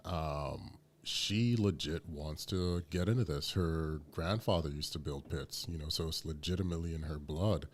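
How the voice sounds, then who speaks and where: A man's voice: extremely low pitch, normal speed, few pauses. A man co-hosting a podcast, talking casually and emphatically with many fillers. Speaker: podcast co-host.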